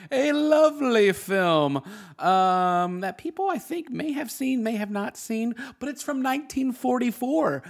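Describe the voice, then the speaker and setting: A man hosting a podcast, reviewing films in a casual, animated, jokey way and swearing freely. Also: high-pitched. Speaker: podcast host.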